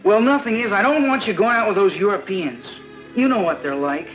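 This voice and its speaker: Jealous teen boyfriend, high bright voice, sulky and earnest, dull old TV audio. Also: male voice, lively intonation, fairly quick, soft background music. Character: jealous lovesick teenage boy. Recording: dull 1960s TV sound.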